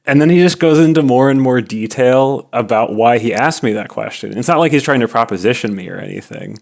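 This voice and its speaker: A man of middle pitch chats casually to his stream while he plays, wandering through a story with constant "like" and "you know". He breaks into nervous laughter as he talks. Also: a little fast, vocal fry. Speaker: game streamer.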